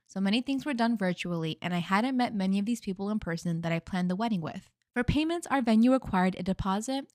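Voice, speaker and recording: Woman reading a forum post, steady and flat-ish, super dry close sound. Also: mid-range voice, no room sound.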